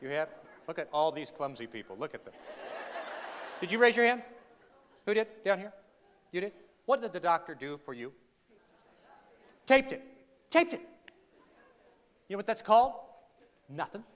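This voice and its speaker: High-voiced man telling comic stories in a hall. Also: big pitch swings, brisk, pauses often. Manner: dry, sarcastic, chatty with the audience. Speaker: humorous speaker. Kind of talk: comic keynote storytelling. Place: large hall with an audience. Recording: reverberant hall, faint noise.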